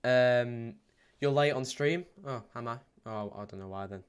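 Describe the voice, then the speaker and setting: A man hosts a live watchalong stream in a clear, resonant voice of middling pitch. He rambles casually between viewer comments and match play-by-play, dotted with ums and restarts. When the chances come, he rushes into quick, excited calls. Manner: bursts into excited play-by-play at goals.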